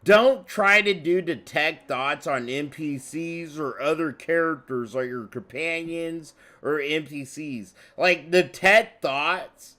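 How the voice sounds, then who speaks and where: A man doing casual reaction commentary over a game stream, profane, excitable and rambling. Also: a little high. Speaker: restream commentator.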